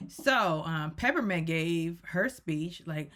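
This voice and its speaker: Woman reviewer with a slightly low voice, casual, rambling, self-correcting recap. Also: expressive, unhurried, a bit bright. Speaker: YouTube reviewer.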